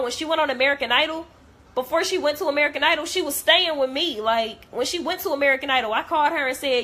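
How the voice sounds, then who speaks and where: A young woman vlogger rants emotionally straight to camera in a high, pushed and bright voice. She's blunt and curses heavily, sounding hurt and heated.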